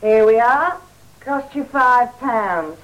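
An actress playing a brisk, world-weary prostitute, talking in a brassy, businesslike way. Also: female voice, on the high side, animated, fairly bright tone, lo-fi sound, a little hiss or hum. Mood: chatty. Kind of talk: radio drama acting.

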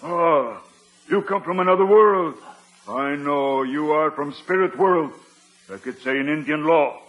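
Older guy playing a slow solemn tribal chief, choppy broken phrases, dull old tv sound. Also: on the high side, lightly acted. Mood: theatrical. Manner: slow, clipped broken speech, solemn chanting.

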